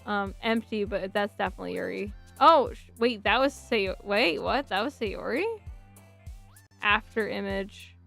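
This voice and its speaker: A woman's voice: mid-range voice, unhurried, creaky, bright, forceful tone, soft background music. A woman streamer chatting casually and reading game text aloud, often breaking into giggles. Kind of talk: casual let's-play commentary.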